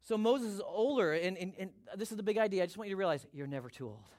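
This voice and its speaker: A man preaching a sermon as pastor, energetic and emphatic, repeating his key points. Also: high-pitched, quick pace.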